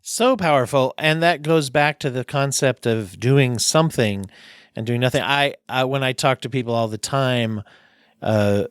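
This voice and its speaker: A man hosting a podcast interview, talking in a chatty, halting way with many restarts and laughs. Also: medium pitch, smooth, dry recording, clean studio sound. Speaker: podcast host. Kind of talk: casual interview chat.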